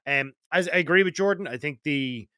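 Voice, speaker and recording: Man, Irish accent, casual esports chat, rambling, bright tone, dry sound. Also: fairly high pitch, brisk, smooth, no echo. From Ireland. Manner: rambling, filler-heavy, laughs often. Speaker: esports panel co-host.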